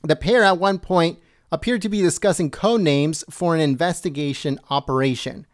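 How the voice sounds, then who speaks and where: A man reading news items aloud slowly and adding his own commentary, stumbling and correcting himself and asking viewers questions. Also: on the high side, dry recording, studio quality. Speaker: political commentary host.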